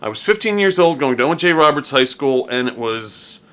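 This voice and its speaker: A middle-aged man casually telling a story about his own past, animated and slangy, tossing in "dude" and "man". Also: mid-range voice, brisk.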